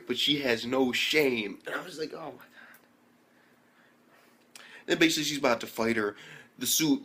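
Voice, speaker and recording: A young man, mid-pitched and ordinary in tone, races through a casual anime recap. He talks in excitable bursts packed with slang, swearing and the filler "like". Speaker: anime reviewer.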